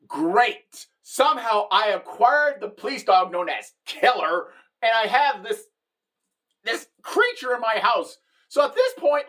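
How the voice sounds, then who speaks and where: A woman's voice: on the high side, a bit bright. A middle-aged woman telling a comic story in a wry, rambling way, with crude language and many side remarks. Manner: wry, profane, rambling asides. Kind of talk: comedic storytelling monologue.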